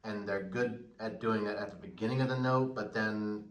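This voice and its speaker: A man's voice: on the low side, fairly even intonation, moderate pace. A man, a music teacher, asking a flute teacher questions in a conversational way. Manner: conversational, asks follow-up questions. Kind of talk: instructional interview. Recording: distant, echoey room.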